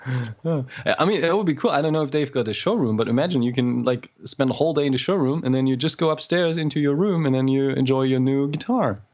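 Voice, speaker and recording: A man's voice: medium pitch, a little fast, darkish tone, muffled recording. A man co-hosting a podcast in casual chat, easygoing and agreeable, speaking into a studio podcast mic. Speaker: podcast co-host.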